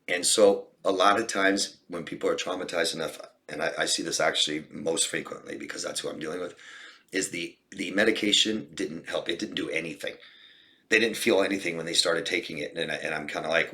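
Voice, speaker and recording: A man's voice: sits low, fairly even intonation, fairly quick, sharp tone. A man coaching viewers in a Q&A, talking in an earnest, direct way with many restarts. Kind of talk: Q&A advice talk.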